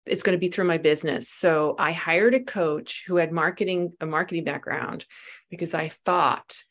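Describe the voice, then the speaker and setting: A woman with a slightly low voice speaks as a guest on a conversational podcast. She tells her stories with energy and slips into the voices of the people she quotes. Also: normal speed. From United States. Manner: animated storyteller, acts out quoted voices. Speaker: guest, spiritual teacher and life coach.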